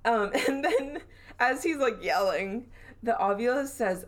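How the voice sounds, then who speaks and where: A woman with a Southern US accent hosting a podcast, telling a spooky story in a chatty, animated way and acting out quotes. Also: medium pitch, a little slow. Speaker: podcast host. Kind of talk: casual storytelling chat.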